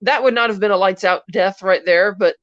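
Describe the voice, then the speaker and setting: A woman's voice: mid-range voice, fairly quick, a bit bright, no room sound, dull audio. A woman co-hosting a podcast, animatedly retelling a film scene in casual chat and briefly acting out the characters' lines. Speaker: podcast co-host.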